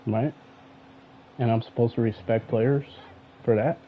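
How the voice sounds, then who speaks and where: A man's voice: mid-range voice, fairly even intonation, unhurried, a little hiss or hum. A man streaming an online football game, commenting as he plays and arguing back at his opponent. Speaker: gaming streamer. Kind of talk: live gameplay commentary. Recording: tinny phone-like sound.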